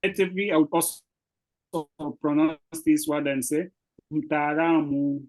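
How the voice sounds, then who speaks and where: Here the same kind of lesson comes through a rough recording: a man with a Kenyan accent, fairly high-pitched and a little mellow, speaks fairly quickly. He patiently explains Swahili words to a single student, encourages them, and uses lots of fillers.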